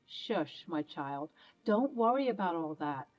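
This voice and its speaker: A woman's voice: fairly low pitch, very animated, takes it slowly, rough recording. A woman voicing a kind, protective older grandmotherly woman who soothes and reassures in a motherly way. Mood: tender.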